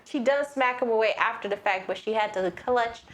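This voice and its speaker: A woman co-hosting a comedic movie recap podcast, animated and acting out scenes. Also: a little high, a little fast, slight background noise, rough recording. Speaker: podcast co-host.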